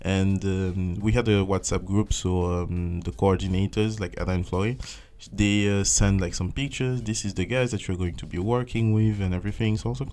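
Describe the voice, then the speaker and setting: A young man from France, French accent, recounting his volunteering days in a relaxed interview. His voice sits a little low, and he acts out his old thoughts with big jumps in pitch and exclamations. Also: normal speed, few pauses, a little hiss or hum. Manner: animated, acts out his own past thoughts in swooping voices. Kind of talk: casual interview storytelling.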